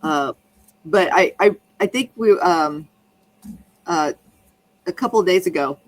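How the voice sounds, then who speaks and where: A woman's voice: on the low side, expressive, a little slow, rough recording. A woman in casual conversation, telling a rambling anecdote that keeps restarting and circling back.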